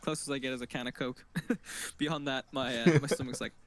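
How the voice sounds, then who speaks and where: A man's voice: medium pitch, steady tone, a little fast, slight background noise. A man guest in a casual podcast chat, laughing often and hesitating with lots of fillers. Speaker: streamer guest.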